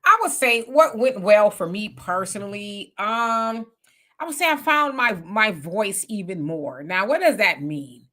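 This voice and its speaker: A woman in her fifties talking casually on a panel, blunt and animated, often acting out quoted voices. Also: mid-range voice, a little slow. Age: 50s. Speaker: panel guest. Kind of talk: casual chat.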